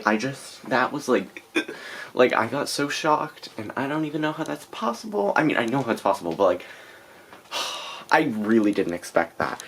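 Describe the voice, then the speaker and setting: A woman's voice: extremely low pitch, slight background noise. A young woman chatting casually in a reading vlog, exasperated and full of fillers, recorded on a camera mic. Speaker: book vlogger.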